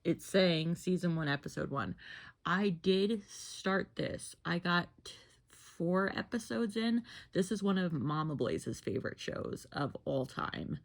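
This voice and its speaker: Young woman vlogging from home, kinda low voice with lots of fry, rambles and corrects herself a lot. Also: expressive, slow pace. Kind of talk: casual chat to camera.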